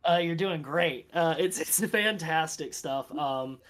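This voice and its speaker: A tabletop game player chatting excitably after a session, leaning heavily on "like" and other fillers. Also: mid-range voice, unhurried. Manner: excitable, filler-heavy, leans on "like". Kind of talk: casual post-session chat.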